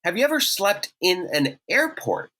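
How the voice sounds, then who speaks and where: Bright-voiced man riffing playfully. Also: high voice, huge pitch swings, unhurried. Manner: wordy, playful, acts out bits. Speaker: podcast co-host. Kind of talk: casual chat.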